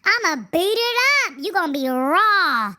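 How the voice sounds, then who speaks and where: Woman doing a shrill crude braggart, slow, swooping, bright, off-mic. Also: very animated, exaggerated voice. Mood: disgusted mockery.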